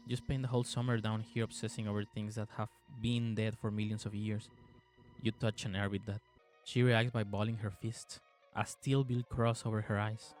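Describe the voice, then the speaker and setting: A man's voice: lowish voice, level tone, normal speed, a little mellow, soft background music. A young man hosting a gaming video, reading the story narration evenly and chatting upbeat between scenes. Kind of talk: game narration and commentary.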